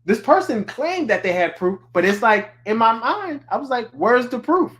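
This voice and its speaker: A man's voice: very high voice, sing-song, normal speed, a bit bright. A man teaching a course on a livestream in a loose, informal way, with many fillers, restarts and repeated words. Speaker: course instructor. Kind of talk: casual livestream lecture.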